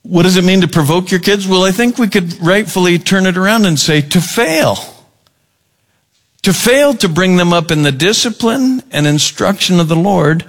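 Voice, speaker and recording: A man preaching a sermon as pastor, deliberate and emphatic, often repeating key words. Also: on the high side.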